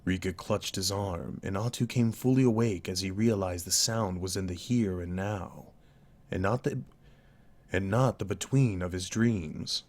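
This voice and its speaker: Slow, low-voiced male narrator. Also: a little mellow. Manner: slow, deliberate reading with occasional self-corrections. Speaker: audiobook narrator. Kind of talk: live-streamed dry reading of a novel.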